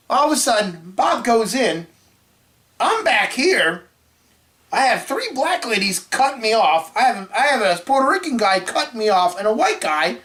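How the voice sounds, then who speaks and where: A man co-hosting a movie review show, telling a rambling story in casual chat and clearing his throat often. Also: high voice, a bit bright. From Florida.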